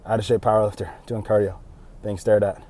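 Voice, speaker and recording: Recording himself on a phone held in hand during outdoor cardio, a breathless young powerlifting vlogger delivers a casual, rambling monologue. He speaks briskly in a fairly low, warm, level voice, peppering his talk with fillers and jokes at his own expense.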